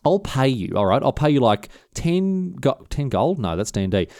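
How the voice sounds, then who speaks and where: A man's voice: medium pitch, sing-song, moderate pace, a little mellow, dry recording, clean studio sound. A man doing a cocky, blokey medieval earl. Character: scheming medieval English earl, brash and smug.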